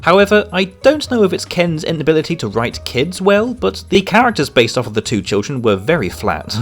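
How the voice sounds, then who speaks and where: Man, comic reviewer, sarcastic, exasperated, lively up-and-down delivery, faint music behind. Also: a little high, fairly quick. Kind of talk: scripted review commentary.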